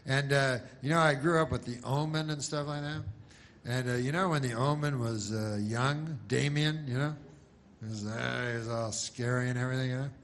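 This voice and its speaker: A man doing stand-up in a flat, deadpan ramble that wanders through digressions and hesitations. His voice sits in an ordinary middle pitch. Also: moderate pace, a little hiss or hum. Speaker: stand-up comedian. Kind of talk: stand-up comedy.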